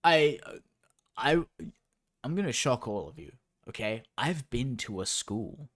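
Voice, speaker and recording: A man's voice: medium pitch, expressive, slow pace, breathy edge. A young man streaming as he reads a story aloud, breaking off into incredulous, profane, sarcastic asides.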